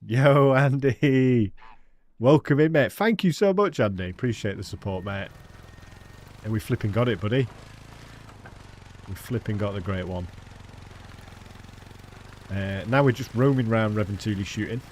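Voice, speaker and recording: A man's voice: on the low side, lively intonation, moderate pace, long pauses, slight background noise. A man with an English accent chatting casually with viewers while live-streaming a hunting game, laughing often and calling people mate. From England. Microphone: studio dynamic microphone.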